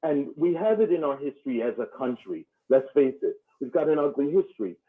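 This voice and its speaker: A man calling into a show, speaking haltingly and explaining himself carefully. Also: medium pitch, lively intonation. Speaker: caller. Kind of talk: call-in phone talk. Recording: tinny phone line.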